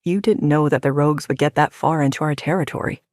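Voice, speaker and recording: A woman narrator voicing a confident, protective young male werewolf alpha, speaking in a firm, steady, lowered voice. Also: fast, no room sound, clean studio sound, natural voice. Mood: earnest, firm.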